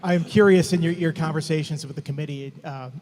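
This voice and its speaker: A man's voice: on the high side, fairly even intonation, a little fast, a little mellow, in a large hall. A man, a reporter, asking a hesitant question at a press conference.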